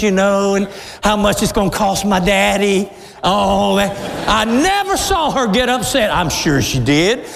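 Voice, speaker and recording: A man preaching a sermon as pastor, telling a story and building up to shouted exhortation before a congregation. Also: high voice, vocal fry. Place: large church sanctuary with congregation. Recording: long hall reverb, crowd and room noise.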